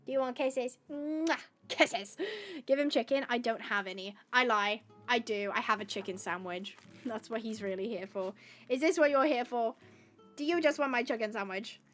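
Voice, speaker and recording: A woman's voice: fairly high pitch, brisk, a bit bright, soft background music. A woman chatting on a livestream in a bubbly, chatty way, thanking her viewers as she talks. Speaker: livestreaming gamer. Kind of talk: casual livestream chat.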